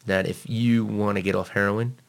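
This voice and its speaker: A man being interviewed, telling a personal story in a blunt, profane, animated way. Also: on the low side, moderate pace, vocal fry.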